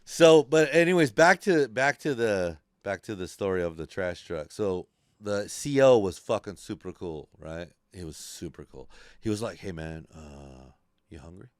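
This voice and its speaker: A man's voice: on the low side, lively intonation, normal speed, clear, resonant tone, no room sound, clean studio sound. A man hosting a podcast, telling a story in casual chat, profane and rambling. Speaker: podcast host.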